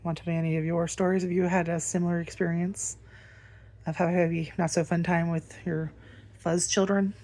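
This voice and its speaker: A woman's voice: fairly low pitch, little pitch movement, brisk, darkish tone. A woman vlogger telling a casual storytime rant, rambling and swearing freely with lots of fillers.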